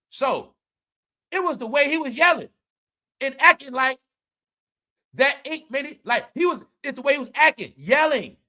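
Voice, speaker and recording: Male host, high bright voice, animated profane commentary. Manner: animated, mock-courtroom ranting, profane. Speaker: show host.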